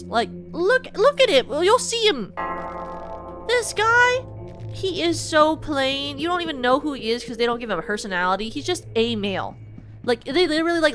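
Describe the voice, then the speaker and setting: High-voiced woman ranting over game music. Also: expressive, normal speed, pushed and bright. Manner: profane, ranting, exasperated. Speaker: streamer. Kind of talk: casual gameplay rant.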